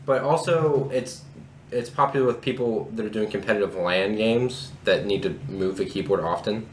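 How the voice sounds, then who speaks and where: A young man co-hosting a podcast in casual chat, eager and swearing freely as he explains something. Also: fairly low pitch. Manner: enthusiastic, swears, quick asides. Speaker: podcast co-host. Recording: echoey room, faint background noise.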